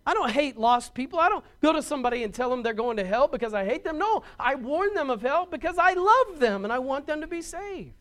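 A middle-aged pastor preaches in an emphatic, driving style. He repeats words as he builds his points and rises to loud stresses. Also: very high voice, sing-song, fairly quick, few pauses. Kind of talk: sermon.

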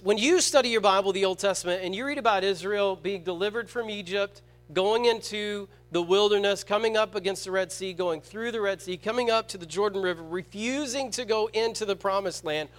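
A high-pitched male preacher delivering a sermon to his congregation. He punches key words loudly, then drops to a hushed, slow tone whenever he reads scripture. He often turns to the crowd with rhetorical questions. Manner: swings from loud emphatic stress to quiet, slow scripture reading.

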